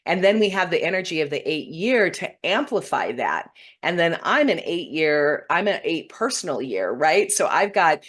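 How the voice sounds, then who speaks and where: A woman's voice: fairly low pitch, very animated, normal speed, hardly any pauses. A middle-aged woman hosting a spiritual talk, speaking earnestly and getting emotional when moved. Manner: earnest, warm-hearted, often tearful when moved. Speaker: spiritual teacher hosting a weekly broadcast. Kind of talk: heartfelt spiritual talk to viewers.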